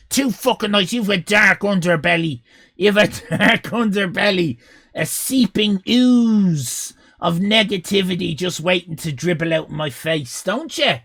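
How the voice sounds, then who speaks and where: An Irish man in his fifties, a live streamer shouting mock-outraged, swear-filled banter at his chat, his voice going hoarse. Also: sits high, expressive, a little slow. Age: 50s.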